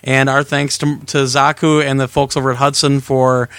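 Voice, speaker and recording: A man's voice: mid-range voice, little pitch movement, moderate pace, fairly bright tone, clean tone, no echo, studio quality. A man hosting a gaming podcast, signing off the show in a loose, chatty way while thanking guests and sponsors. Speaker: podcast host. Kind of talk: casual podcast sign-off.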